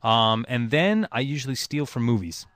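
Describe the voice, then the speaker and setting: A man who is a voice actor answers fan calls in casual chat, thoughtful and relaxed, with many ums and uhs, over a webcam video chat. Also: medium pitch, moderate pace, dry recording.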